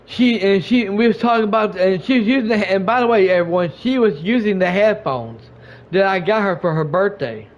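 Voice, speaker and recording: High-voiced man telling a rambling story. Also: a little fast. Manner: rambling, many restarts and repeated words. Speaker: podcast host. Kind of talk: casual storytelling chat. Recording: dull lo-fi stream audio.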